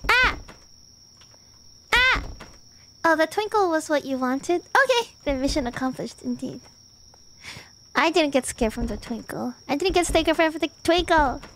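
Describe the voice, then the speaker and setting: Very high-voiced playful woman streamer. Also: lively intonation, unhurried, long pauses, fairly bright tone, a little hiss or hum. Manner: playful, dramatic exclamations, chatting with viewers. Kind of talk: casual gaming livestream.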